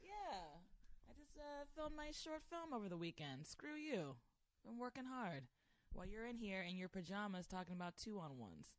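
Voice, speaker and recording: A woman's voice: medium pitch, very animated, normal speed, no echo, studio quality. A woman joining a casual podcast at home, answering back with teasing, skeptical banter. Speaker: podcast guest, host's partner.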